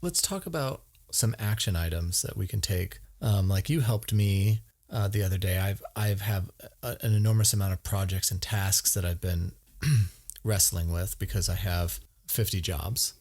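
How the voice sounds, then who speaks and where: A man's voice: deep voice, moderate pace, a little mellow. A middle-aged man co-hosting a podcast, chatting casually with his partner in a rambling, self-deprecating way, often repeating his words. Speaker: podcast co-host.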